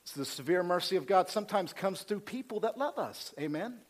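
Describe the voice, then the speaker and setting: Male pastor, higher-pitched, call-and-response sermon delivery with hushed lows and fervent peaks. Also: lively intonation, fairly quick. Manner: calls for amens, swings from hushed to rising fervor.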